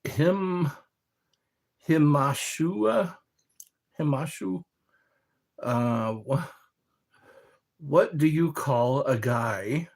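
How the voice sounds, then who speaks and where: A man's voice: on the high side, animated, drawn-out words, pauses often, a little mellow. A man in casual chat, rambling and joking as he reads questions aloud and answers them.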